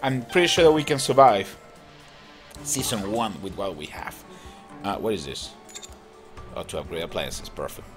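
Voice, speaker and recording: A man hosting a gaming channel, chatting excitedly and laughing as he comments on a mobile cooking game. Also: low-pitched, normal speed, pauses often. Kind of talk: casual gameplay commentary. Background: game music.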